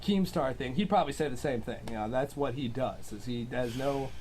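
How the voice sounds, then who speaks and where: A man's voice: medium pitch, fairly quick, a little mellow, a little hiss or hum. Rambling man with lots of fillers. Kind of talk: casual storytelling.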